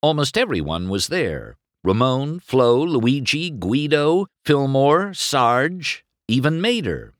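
A man reading a storybook aloud as narrator, with expressive, unhurried storytelling. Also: medium pitch, dry recording, studio quality.

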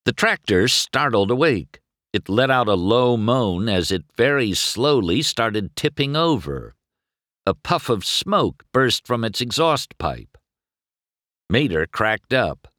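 A man reading a children's storybook aloud as narrator, slow and expressive. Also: fairly low pitch, dry recording, clean studio sound. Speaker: audiobook narrator. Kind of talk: scripted narration.

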